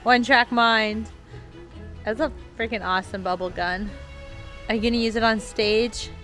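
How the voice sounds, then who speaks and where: A woman chatting with a friend, excitedly calling out to the dogs and laughing often. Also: a little high, normal speed, soft background music. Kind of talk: casual chat.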